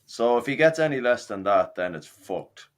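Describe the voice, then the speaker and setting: A man's voice: mid-range voice, animated, moderate pace. A man co-hosting a football podcast, chatting casually and swearing. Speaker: podcast co-host. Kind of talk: casual chat among mates.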